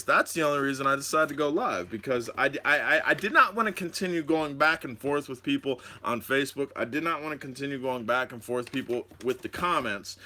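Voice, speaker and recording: Man, live stream host, lively pitch, bright tense tone, rambling, at home. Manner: excited, rambling, talks to viewers. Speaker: drone channel host.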